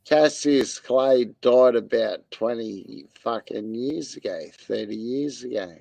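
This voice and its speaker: Slow-talking Australian bloke on a call. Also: male voice, medium pitch, vocal fry, dark tone, no room sound. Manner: laid-back, sweary, giggly. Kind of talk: casual reaction chat.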